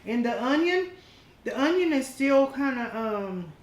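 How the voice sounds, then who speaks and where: Woman cooking host, folksy and chatty, slightly high voice, roomy echoey kitchen sound. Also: very animated, unhurried. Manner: chatty, folksy, addresses viewers as y'all. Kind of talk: casual taste-test chat.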